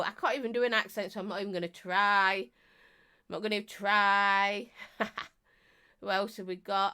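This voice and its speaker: A croaky woman chatting casually on a live stream, reviewing vapes and greeting viewers in a chatty, self-mocking way. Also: medium pitch, big pitch swings, a little slow, sharp tone.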